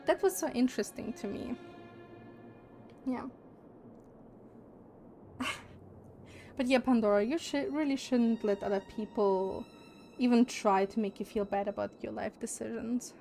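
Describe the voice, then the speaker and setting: Young woman streamer, blunt casual chat, swears a lot, slightly high voice. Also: unhurried, creaky, long pauses, warm tone, faint music behind. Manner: candid, opinionated, swears.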